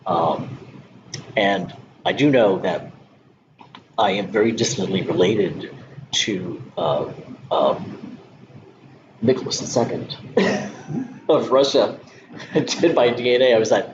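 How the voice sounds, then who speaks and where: A man giving a Zen dharma talk, speaking in a halting way with many pauses and soft laughs. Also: lowish voice, lively intonation. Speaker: Zen teacher. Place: meditation hall. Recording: dull lo-fi recording with background noise.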